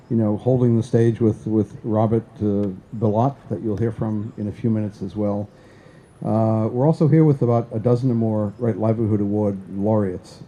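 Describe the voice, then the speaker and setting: A man's voice: on the low side, dark tone, highs cut off, a little hiss or hum. An older man from Boston with a Boston accent, giving a conference talk at a stand microphone with many fillers and restarts. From Boston area. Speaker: conference speaker. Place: lecture hall. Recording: roomy hall, faint ambience.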